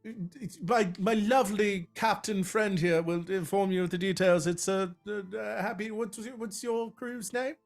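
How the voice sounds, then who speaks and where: A man's voice: sits high, a little slow, few pauses, pitched above the performer's own voice. A man voicing an effusive, overly polite male noble speaking through a talking bird. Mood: delighted.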